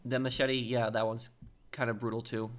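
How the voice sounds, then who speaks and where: A man's voice: mid-range voice, flat delivery, normal speed. Rambling male game streamer reading chat. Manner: rambling and hesitant, with frequent ums and restarts. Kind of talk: casual live-stream chat, reading and answering viewer messages.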